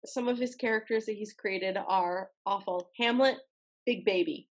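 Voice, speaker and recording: Woman, podcast co-host, husky voice, blunt, opinionated, casual chat. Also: medium pitch, normal speed. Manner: blunt, opinionated, laughs often.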